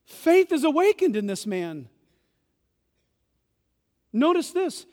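A man preaching a sermon as pastor, swinging from loud bursts to hushed asides in a church. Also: extremely high pitch, big pitch swings, slow. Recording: reverberant church hall.

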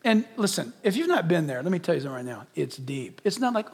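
A man preaching a sermon in an animated way, dropping to a hush and then rising to shouts. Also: fairly high pitch, quick pace. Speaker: pastor. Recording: long hall reverb.

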